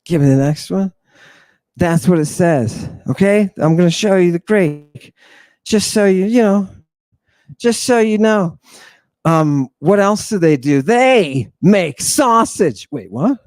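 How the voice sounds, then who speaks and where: A man hosting an irreverent lecture on ancient texts, theatrical and mocking, swinging between loud outbursts and hushed asides. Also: high voice, animated, slow, no room sound.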